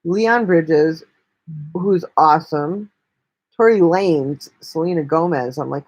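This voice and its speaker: A woman's voice: lowish voice, expressive, takes it slowly, highs cut off. A woman hosting a casual live stream, talking bluntly and chattily with lots of swearing. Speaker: livestream host.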